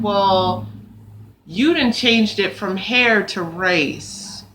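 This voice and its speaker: Young woman ranting on her vlog, bright sharp voice, fed up, faint hiss behind. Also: medium pitch, slow. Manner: animated, exasperated, swears. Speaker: vlogger.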